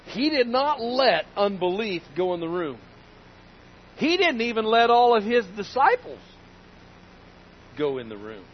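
A man's voice: high voice, sing-song, measured pace, long pauses, dull audio, slight background noise. A man preaching a sermon in an emphatic, folksy way, repeating key phrases for weight. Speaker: pastor.

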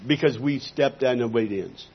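Man, pastor, husky voice, storytelling testimony, muffled lo-fi sound. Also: medium pitch, a little fast. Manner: storytelling, acting out dialogue. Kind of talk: testimony sermon.

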